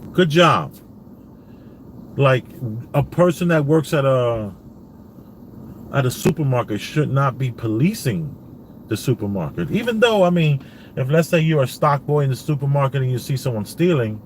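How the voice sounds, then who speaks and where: A man in his parked car, speaking at a middling pitch as he rambles through a story. He tells it casually and stops often to recount what he said and what was said back. A faint hum of noise runs under his voice. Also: lively intonation, normal speed, darkish tone. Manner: rambling, retells dialogue with many "I says" asides. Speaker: vlogger.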